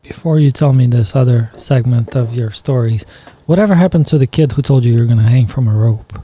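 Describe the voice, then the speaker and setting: A man's voice: medium pitch, fairly quick, mellow, no echo. A man hosting a casual interview, asking questions with dry jokes. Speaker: podcast host.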